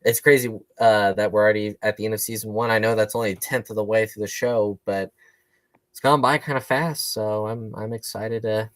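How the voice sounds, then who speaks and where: A man's voice: lowish voice, steady tone, brisk, a bit bright, no room sound. A man co-hosting a casual podcast, chatty and rambling with fillers. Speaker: podcast co-host. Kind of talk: casual chat.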